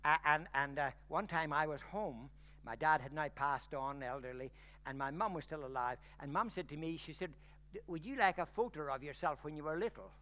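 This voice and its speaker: Bright-voiced older preacher. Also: male voice, on the high side, fairly quick. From Ireland. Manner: storytelling, rising to loud exclamations. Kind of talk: sermon with personal story.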